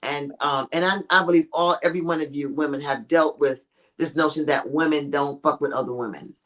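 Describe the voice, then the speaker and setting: A woman's voice: low voice, fairly even intonation, brisk, a bit bright. A woman hosting a podcast over a video call, talking frankly and rambling with plenty of fillers. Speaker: podcast host. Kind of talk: casual chat.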